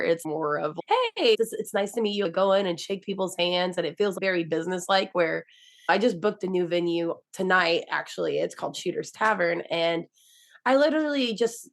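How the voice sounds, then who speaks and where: A young woman, a DJ, chatting as a guest and telling her story emotionally, acting out the dialogue she quotes. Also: fairly low pitch. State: teary-eyed. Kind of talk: casual interview chat.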